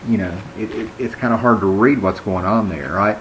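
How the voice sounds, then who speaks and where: A man's voice: on the low side, moderate pace, a little hiss or hum, poor audio. A man giving a casual, rambling comic book review and retelling scenes with quoted lines.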